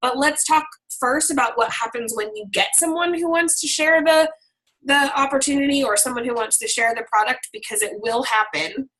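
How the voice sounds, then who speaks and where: A hoarse woman leading her sales team on a video call, talking in a chatty, upbeat and loose way. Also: high voice, normal speed, fairly bright tone, low-quality recording. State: hoarse, frog in throat.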